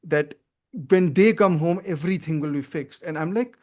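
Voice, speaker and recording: A man's voice: on the high side, moderate pace, darkish tone. A man, hosting a casual film podcast, talking earnestly and working out his thoughts aloud with many fillers and restarts. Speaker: podcast host.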